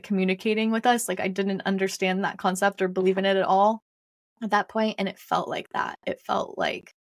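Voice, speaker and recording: A young adult woman hosting a podcast, telling her own life story in a candid, reflective way and often repeating her phrases. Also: medium pitch. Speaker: podcast host. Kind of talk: personal storytelling monologue.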